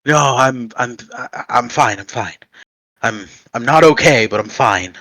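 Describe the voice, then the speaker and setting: A man's voice: medium pitch, unhurried, pushed and bright, no echo. A man voicing a shaken young girl who is far from home. She stammers and hesitates.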